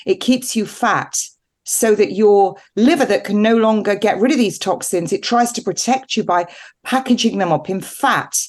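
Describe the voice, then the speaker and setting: A woman's voice: medium pitch, normal speed. A woman nurse prescriber talking as an interview guest, emphatic and rambling, with a defiant edge. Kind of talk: animated interview talk.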